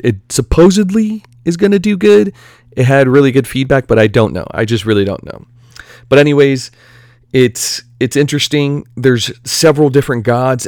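A man chatting casually about films in a loose, rambling way, piling on asides and fillers and getting excited as he goes. His voice sits at an ordinary middle pitch and sounds dry and close, with no room around it. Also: no echo. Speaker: movie news commentator. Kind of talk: casual vlog commentary.

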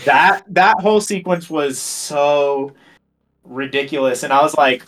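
A man's voice: fairly high pitch, steady tone, unhurried, noisy background. A man co-hosting a podcast in casual chat, rambling with many fillers. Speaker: podcast co-host.

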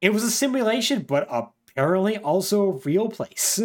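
A man co-hosts a casual podcast, recounting a story with a very lively, swooping pitch. He keeps it loose and chatty, dropping into quick offhand voices for the characters as he goes. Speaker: podcast co-host. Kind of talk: casual chat retelling a game plot.

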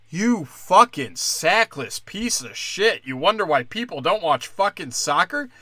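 A young man rants in a sharp, forceful voice that sits a little high for a man. He is crude, angry and sarcastic, sneering through profane commentary. The sound is close and dry. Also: dry recording.

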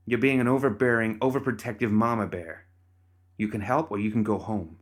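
A man's voice: fairly low pitch, a little fast, close to an everyday voice. A man voicing a defiant, reckless young woman who snaps back at her father. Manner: defiant, snapping.

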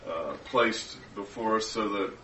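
A man in a casual group discussion, speaking in a halting, reflective way. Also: on the low side, sharp tone. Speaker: discussion participant. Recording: echoey room, far from mic, noisy.

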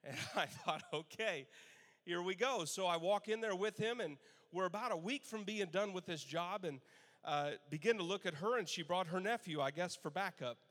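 High-voiced pastor in a reverberant hall. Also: male voice, normal speed. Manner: animated storytelling with laughs and acted-out quotes. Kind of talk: Father's Day sermon storytelling. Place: church sanctuary. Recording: long church hall reverb.

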